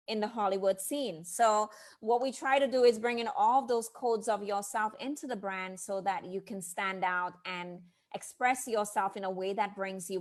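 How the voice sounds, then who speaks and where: Woman, brand coach podcast host, high voice, animated storyteller, casual interview chat. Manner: animated storyteller, quotes people in lively asides.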